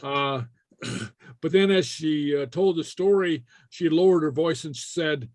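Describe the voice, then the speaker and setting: A man teaching an online Gaelic class in a relaxed way, with many fillers and chuckles as he talks. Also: a little high, slow, dry recording, studio quality.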